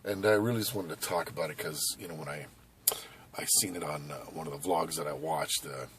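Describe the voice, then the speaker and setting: A man in his forties from Southern California, chatting casually and rambling to camera as a vlogger, hyperactive and animated, outdoors at a skate park. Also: very deep voice, a little fast, slight background noise. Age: 40s. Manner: hyperactive, animated, loose and conversational with many asides.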